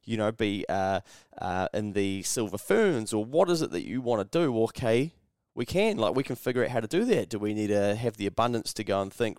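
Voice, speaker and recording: A man's voice: medium pitch, expressive, a little fast, smooth, no room sound, clean studio sound. A young man with a New Zealand accent, hosting a casual podcast chat, blunt and swearing freely as he tells stories and acts out quoted voices. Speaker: podcast host.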